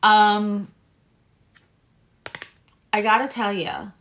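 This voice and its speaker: A woman's voice: medium pitch, extremely slow, a bit bright. A woman hosting a live-stream tarot reading, chatting loosely with viewers and explaining cards. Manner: chatty and rambling, talks to chat viewers.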